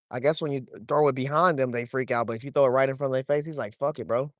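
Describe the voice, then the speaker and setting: A young man, talking to his chat while wading and fishing, swearing freely and getting excited over a fish. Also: medium pitch, brisk, dry recording, studio quality. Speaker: fishing vlogger. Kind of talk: casual vlog narration while wading. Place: outdoors, wading in a shallow creek.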